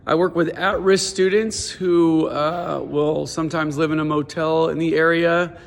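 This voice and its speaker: A man with a notably high voice delivers casual stand-up stories and an audition pitch. He is animated and loose, full of "dude" and "like." A long reverb trails his words, as if he were recorded in a big hall. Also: a little slow, creaky. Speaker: teen center director doing stand-up.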